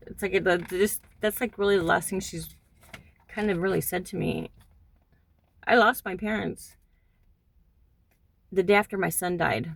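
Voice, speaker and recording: A middle-aged woman talking through a personal monologue, halting and reflective with many pauses and fillers, recorded in a car. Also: fairly low pitch, expressive, vocal fry. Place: in a hot car.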